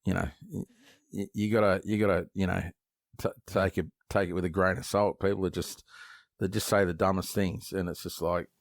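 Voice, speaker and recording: Deep-voiced Australian man telling stories. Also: fairly quick, dry recording, clean studio sound. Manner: lively storyteller, swears freely, acts out quoted voices; many false starts and repeated words. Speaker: guest knifemaker. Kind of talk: casual podcast interview.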